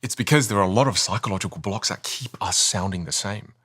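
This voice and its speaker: A man's voice: fairly low pitch, quick pace, a bit bright, husky. A man who coaches communication, explaining with energy and emphasis in a podcast interview and often asking rhetorical questions.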